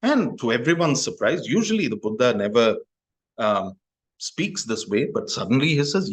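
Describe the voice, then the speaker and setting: A man's voice: mid-range voice, very animated, normal speed, rough recording. A male Buddhist monk telling a story in a Dharma talk, talking in a loose, conversational way with restarts and asides.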